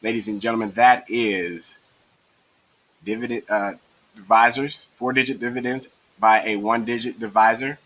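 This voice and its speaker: Bright-voiced, encouraging male math teacher. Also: lowish voice, poor audio. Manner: encouraging, step-by-step explaining. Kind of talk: tutorial lesson.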